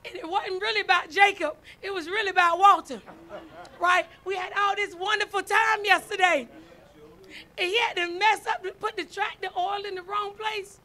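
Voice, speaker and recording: A woman preaching with a very high, bright, ringing voice. She tells folksy stories and keeps calling to her congregation for response. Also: fairly even intonation, moderate pace. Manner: folksy, storytelling, calls out to congregation with "y'all" and "right?". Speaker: first lady preacher. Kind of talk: sermon.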